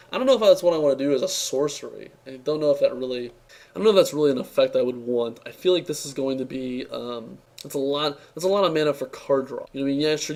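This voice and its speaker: A young man with a mid-pitched, worn-out voice that sounds strained from talking. He drifts through an offhand, sarcastic review and keeps stumbling on fillers and restarts. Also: darkish tone. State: tired, strained voice. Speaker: card game reviewer. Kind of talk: casual spoken review.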